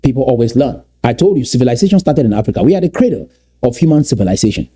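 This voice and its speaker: Talking very fast, a man from Cameroon gives emphatic, lecture-like commentary in a mellow, husky, medium-pitched voice with big pitch swings. He repeats his key phrases and elongates words for emphasis.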